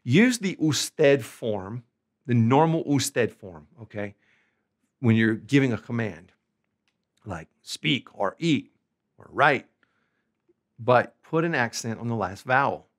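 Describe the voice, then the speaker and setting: A man from the United States giving an upbeat, conversational online language lesson, slowing down to stretch out example words. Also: mid-range voice, lively intonation. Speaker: language teacher.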